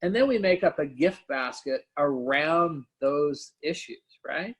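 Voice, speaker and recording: A man's voice: fairly high pitch, animated, unhurried, rough recording. A man, a company founder and CEO, talking candidly and personally in a webinar conversation, filling gaps with "you know" and "right?".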